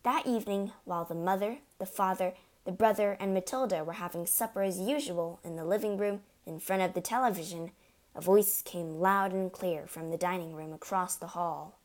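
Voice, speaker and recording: A woman narrating a children's storybook in an expressive, animated reading. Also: on the low side, moderate pace. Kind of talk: audiobook storytelling.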